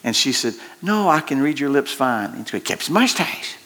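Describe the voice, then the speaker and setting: A man's voice: very animated, normal speed, a bit bright. A man preaching a sermon, telling stories in a folksy way, laughing and swinging his voice up and down. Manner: folksy storytelling with laughs and shifting pitch. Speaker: pastor.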